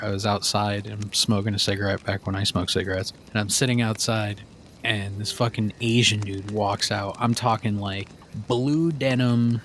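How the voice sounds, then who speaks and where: A man co-hosting a podcast, telling crude, animated stories in casual chat. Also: lowish voice, a little hiss or hum. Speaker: podcast co-host.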